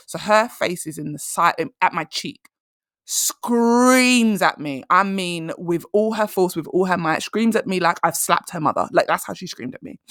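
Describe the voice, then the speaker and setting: Podcast host, woman in her thirties, rapid and blunt, dry close recording. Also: fairly low pitch, gravelly, dry recording. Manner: animated, blunt, laughs often. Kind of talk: casual storytelling monologue.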